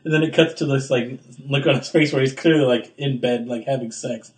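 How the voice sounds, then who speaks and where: A young man chatting casually on a podcast, his speech loose and rambling with many fillers and restarts. His voice sits at a middle pitch, and he jumps into excited bursts when he retells a scene. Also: fairly quick. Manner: rambling, filler-heavy, acts out quotes with big pitch jumps. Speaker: podcast co-host. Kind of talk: casual chat.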